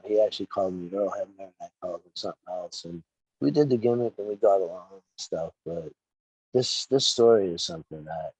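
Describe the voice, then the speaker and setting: Husky-voiced man telling a wrestling story. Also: lowish voice, no echo, poor audio. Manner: animated storyteller, acts out quotes, profane. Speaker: wrestling referee and podcast guest. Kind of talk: casual storytelling chat.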